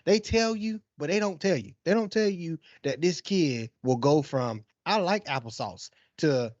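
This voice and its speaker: A man co-hosting a casual podcast, his voice sitting a little high for a man. He tells stories with big, exaggerated acted-out quotes. The sound is dry and slightly dull, like a lo-fi mic. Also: normal speed, darkish tone, no echo. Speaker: podcast co-host. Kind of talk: casual chat.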